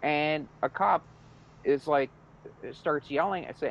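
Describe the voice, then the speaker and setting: A man's voice: fairly high pitch, normal speed. A man telling a story in a heated, profane casual rant. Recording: dull lo-fi recording, faint noise.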